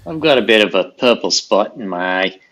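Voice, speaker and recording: A man's voice: on the low side, animated, fairly quick, a bit bright. A man playing a tabletop game, who asks hesitant questions. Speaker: player. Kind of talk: casual tabletop game play. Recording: dull lo-fi audio.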